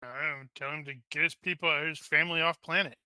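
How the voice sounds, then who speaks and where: A man's voice: on the high side, fairly even intonation, a little fast, sharp tone, clear, resonant tone, dry recording. A man joking and wisecracking as a player in a tabletop game.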